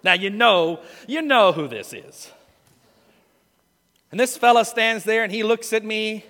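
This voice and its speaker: Male pastor, high and bright, folksy sermon storyteller in a reverberant hall. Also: unhurried. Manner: storytelling, folksy and animated, with quoted voices.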